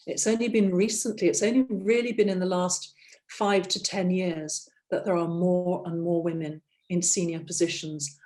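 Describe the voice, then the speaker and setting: With a lowish pitch and darkish tone, a middle-aged woman works as a voice coach at a breathing workshop, modeling the exercises and encouraging those attending. She is picked up off-mic in a roomy-sounding room.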